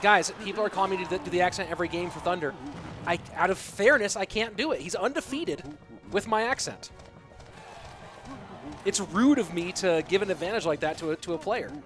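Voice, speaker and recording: A man's voice: sits high, a little fast, fairly bright tone, soft background music. A man with an American accent casting a live video game tournament, chatting with viewers between plays. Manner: chatty, reads and answers viewer chat. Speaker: esports caster. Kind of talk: live esports commentary with chat banter.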